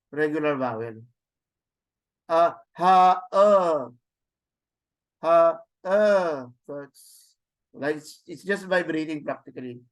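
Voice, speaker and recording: Male language teacher, online class, slow and halting delivery, slightly high voice, many fillers. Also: fairly bright tone. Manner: slow, explains step by step. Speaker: Greek teacher. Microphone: video call.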